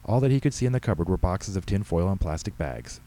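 A man, the author, reading his own short story aloud in measured storytelling narration. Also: low voice, animated, dark tone, rough recording. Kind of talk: scripted narration.

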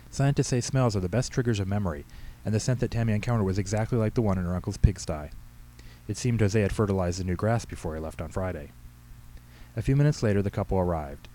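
A man reading aloud his own humorous short story with a brisk, wry delivery. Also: fairly low pitch, mellow, rough recording. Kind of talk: storybook narration.

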